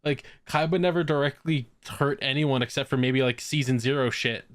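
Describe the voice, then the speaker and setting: A man's voice: mid-range voice, normal speed, no echo. A young man co-hosting a podcast in casual, profane chat, telling stories with gusto. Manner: profane, animated storytelling. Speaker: podcast co-host.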